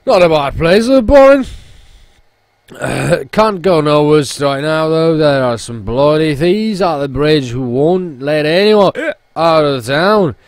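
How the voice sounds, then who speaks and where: A man doing a gruff tavern drifter. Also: fairly high pitch, animated, takes it slowly, no room sound. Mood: grumbling.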